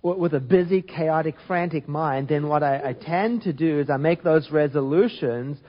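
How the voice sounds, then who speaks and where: A man with a fairly high voice gives an unhurried spiritual talk, thinking aloud and circling back on his words. The recording is dull and lo-fi, with the top end rolled off. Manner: reflective, gentle, with many restarts and soft trailing phrases. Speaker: spiritual teacher. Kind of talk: informal sermon talk.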